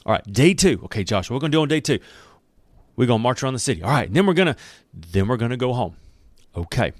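Lively man teaching scripture, dry sound. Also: mid-range voice, quick pace, no room sound. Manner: animated storyteller who acts out characters' lines and laughs often. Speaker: Bible teacher. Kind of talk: conversational Bible teaching with scripture reading.

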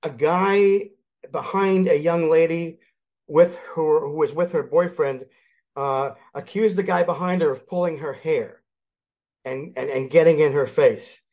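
An older man from Philadelphia chats as a guest about sports, with a fairly high voice. He tells his stories with energy and acts out the voices of the people in them. The audio sounds dull and lo-fi. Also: a little slow. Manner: animated storyteller, acts out quoted voices. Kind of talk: casual sports chat.

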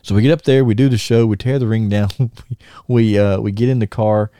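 A man hosting a podcast, telling lively anecdotes in a casual chat and often laughing as he acts out what people said. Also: on the low side, a little fast, clear, resonant tone, no room sound. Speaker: podcast host.

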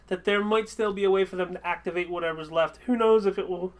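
A man in casual conversation about films, quick to chime in and finish other people's sentences. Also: sits high, steady tone. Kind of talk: casual movie discussion.

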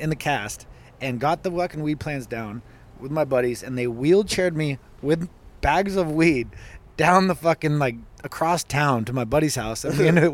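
A man co-hosting a podcast, telling an animated story in casual chat with lots of swearing. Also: mid-range voice. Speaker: podcast co-host.

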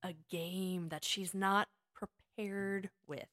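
A woman co-hosting a casual talk show, speaking in a relaxed, reflective way. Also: medium pitch, takes it slowly. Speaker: podcast co-host, daughter. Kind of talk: casual chat.

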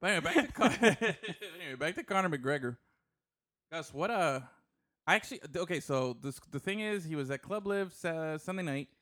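A male podcast host with a fairly high voice keeps the chat loose and joking. He laughs a lot and tosses in slangy asides between sports talk. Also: lively intonation, brisk, a bit bright. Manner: joking, laughs often, says bro.

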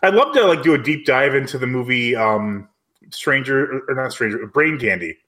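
A man's voice: medium pitch, lively intonation, moderate pace, bright, forceful tone. A man co-hosting a podcast, chatting casually and rambling with lots of "like" fillers. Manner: rambling, filler-heavy with frequent "like". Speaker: podcast co-host. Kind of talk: casual chat.

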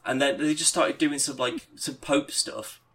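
A man, a podcast co-host, chatting casually and telling a rambling, animated story with swearing and laughter. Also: mid-range voice, a little slow. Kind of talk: casual chat.

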